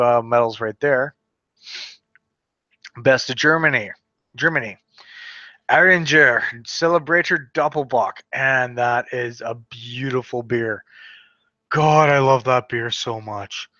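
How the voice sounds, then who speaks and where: A man's voice: mid-range voice, pushed and bright, dry recording, highs cut off. A man from Western Canada hosting a casual solo podcast, reading out a list and stumbling over names with offhand asides. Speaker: podcast host.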